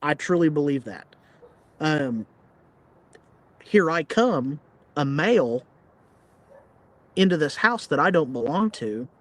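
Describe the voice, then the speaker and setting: Just a blunt dude rambling through a story on a podcast, voice a bit on the high side, lots of um and like. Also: male voice, lively intonation, slow pace, long pauses, a bit bright. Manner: blunt, plain-spoken; rambling, filler-heavy retelling. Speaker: podcast guest. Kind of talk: casual storytelling.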